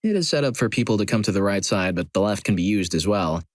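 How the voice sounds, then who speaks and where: A man reading out short stories in a steady, scripted storytelling delivery. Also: lowish voice, fast, dry recording. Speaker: story channel narrator. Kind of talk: scripted narration of reader stories.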